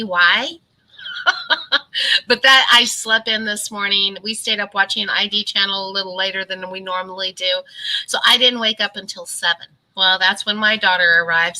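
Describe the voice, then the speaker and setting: A woman's voice: medium pitch, sharp tone, low-quality recording. A middle-aged woman chatting casually on a live stream and greeting viewers by name. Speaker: keto vlogger.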